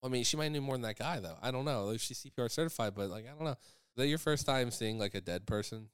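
A man co-hosting a podcast, telling profane stories in a casual chat and shouting out the voices of the people in them. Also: mid-range voice, quick pace, clean tone, dry recording, studio quality. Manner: profane, animated storyteller who shouts quoted voices. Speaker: podcast co-host.

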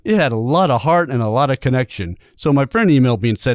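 A man's voice: mid-range voice, big pitch swings, quick pace, hardly any pauses, no room sound, clean studio sound. A man hosting a casual music podcast, telling a rambling story and laughing often. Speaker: podcast host. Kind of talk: casual chat.

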